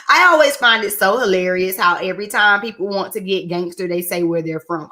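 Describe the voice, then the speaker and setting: A woman's voice: mid-range voice, a little fast, few pauses, bright, forceful tone. A woman giving a chatty, sassy recap of a reality show episode, with in her speech. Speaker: reality TV reviewer. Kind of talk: casual recap commentary.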